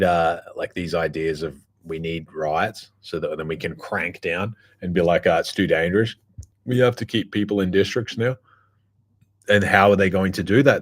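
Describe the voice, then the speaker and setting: A man talking in a casual, rambling monologue, blunt and profane, full of fillers and restarts. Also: low voice. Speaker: podcast host.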